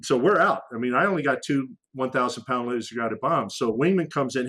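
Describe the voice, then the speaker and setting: A middle-aged man, a former fighter aircrew member, telling war stories in a casual podcast interview. He talks with lots of restarts and casual military slang, and jumps into loud, raised voices when he acts out radio calls. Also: medium pitch, a little fast, few pauses, husky. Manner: animated storyteller who acts out radio calls with sudden loud raised lines.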